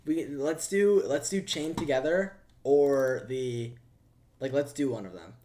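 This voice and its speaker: A young man chatting on a live stream, loud and excitable, swearing a lot and shouting thanks to chat. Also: medium pitch, unhurried.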